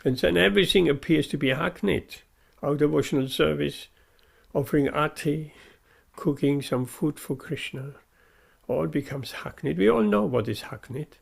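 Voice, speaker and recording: Gravelly earnest male preacher. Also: fairly high pitch, moderate pace. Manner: earnest, emphatic, repeats key phrases. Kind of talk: devotional sermon.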